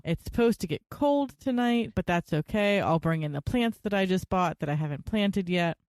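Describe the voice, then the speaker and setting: A young woman co-hosting a podcast, telling family stories in a chatty, animated way. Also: on the low side, normal speed, hardly any pauses, no room sound, studio quality. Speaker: podcast co-host. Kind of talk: casual chat.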